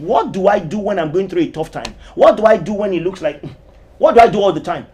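A man delivering a sermon in a fairly high voice. He preaches with emphatic swings of pitch and keeps throwing questions at his listeners. He slows right down when he quotes scripture. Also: a little mellow, breathy edge. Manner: stretches out scripture quotes slowly. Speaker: pastor.

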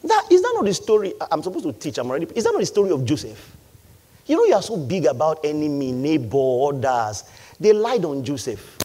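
A man's voice: fairly high pitch, huge pitch swings, a little fast, warm tone. A man preaching a sermon. He talks emphatically, repeats key lines and acts out voices from the congregation. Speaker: pastor.

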